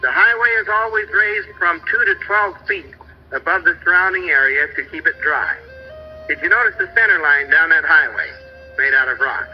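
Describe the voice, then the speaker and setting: Folksy middle-aged man lecturer, high-pitched, on lo-fi archival tape with faint music behind. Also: animated, normal speed. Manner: folksy, pointing out pictures, hunting for names. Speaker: travel lecturer narrating slides. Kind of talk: old slide-show travel lecture.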